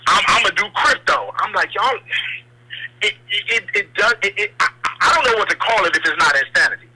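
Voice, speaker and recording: A man's voice: sits high, fast talker, bright, forceful tone, breathy edge. A man calling in to a talk show, speaking with passion and tripping over repeated words. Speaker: caller. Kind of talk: call-in radio talk. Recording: noisy call-in line.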